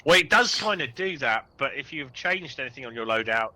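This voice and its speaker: A man's voice: mid-range voice, lively intonation, brisk, sharp tone, a little hiss or hum. A man co-playing a game, explaining things patiently and laughing easily in casual chat over a voice-chat mic. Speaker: co-player.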